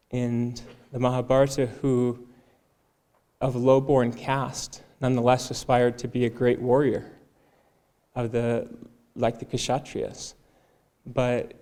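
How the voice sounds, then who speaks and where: Man, mellow and even-toned, calm earnest sermon storyteller. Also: medium pitch. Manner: calm, earnest retelling of a devotional tale. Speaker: speaker at a Sunday service.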